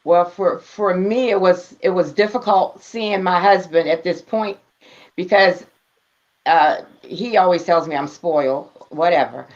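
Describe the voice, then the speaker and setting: A woman's voice: lowish voice, a little slow, darkish tone. Earnest woman guest, dull lo-fi sound. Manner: earnest and emotional, laughs between phrases. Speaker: guest author. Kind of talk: conversational interview.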